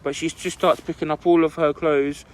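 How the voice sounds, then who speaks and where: Rambling young man, higher voice. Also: flat delivery, moderate pace. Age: young adult. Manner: rambling, fills with "like" constantly. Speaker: podcast co-host. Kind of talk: casual storytelling chat.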